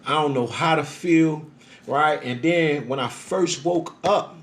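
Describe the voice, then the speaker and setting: A man telling a rambling, profanity-heavy personal story on a livestream, animated and emphatic, often acting out the voices he quotes. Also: slow. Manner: acts out voices in quotes, pitch jumping up. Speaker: social media livestreamer.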